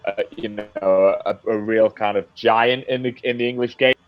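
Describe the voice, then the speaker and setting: A man hosting a casual podcast, chatty and quick to laugh, often restarting his sentences. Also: medium pitch, little pitch movement. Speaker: podcast host. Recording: slightly dull lo-fi sound.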